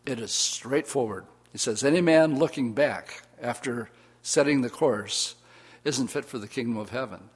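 A man's voice: mid-range voice, normal speed, slightly rough. Man preaching a sermon. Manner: reads scripture aloud and calls for congregation responses. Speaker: pastor. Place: church.

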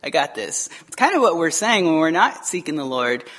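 A male pastor preaching a casual, conversational sermon in church, lively and full of restarts, acting out the voices he quotes. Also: a little high, a little fast. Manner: casual and chatty, with frequent restarts and laughs. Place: church sanctuary, also streamed online.

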